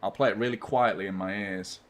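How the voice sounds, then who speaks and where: A man's voice: lowish voice, fairly even intonation, fairly quick, fairly bright tone. A man hosting a live football watchalong, giving chatty, partisan fan commentary and swearing freely.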